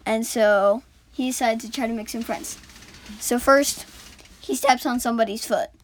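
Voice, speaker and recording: A woman's voice: a little high, steady tone, moderate pace, slight background noise. A woman improvising a story as a storyteller, rambling with many fillers and restarts.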